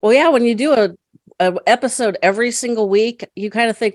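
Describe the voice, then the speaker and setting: A middle-aged woman, a podcast guest, chatting and telling stories in a lively way, laughing often. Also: fairly high pitch, a little fast, no echo, studio quality. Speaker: podcast guest, caregiver advocate. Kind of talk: storytelling in casual conversation.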